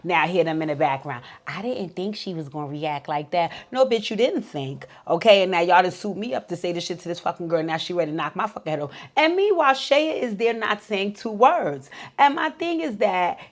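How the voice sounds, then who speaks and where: A woman's voice: mid-range voice, sing-song, a little fast, hardly any pauses. A woman giving a casual, profane recap of a reality show episode, acting out what the cast said in voices. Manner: chatty, profane, acts out quotes in voices.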